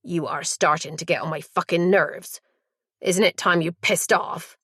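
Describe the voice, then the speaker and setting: Woman voicing bullying brother, pitched down, threatening, dry audiobook. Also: a little slow, fairly bright tone, husky, no room sound, exaggerated voice. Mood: menacing. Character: hungover, bullying young adult brother.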